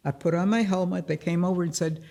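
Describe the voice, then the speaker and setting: An older man telling a personal story to a live audience at a library event, unhurried and plain-spoken, acting out the voices in his tale. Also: high-pitched, steady tone, creaky, dark tone. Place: public library event room.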